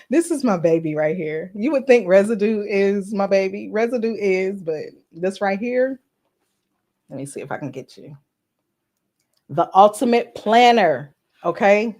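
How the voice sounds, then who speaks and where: A woman's voice: mid-range voice, darkish tone. Chatty woman podcast host greeting viewers. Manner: chatty, greets live commenters by name; earnest and personal, some filler words. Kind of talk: live-stream casual chat.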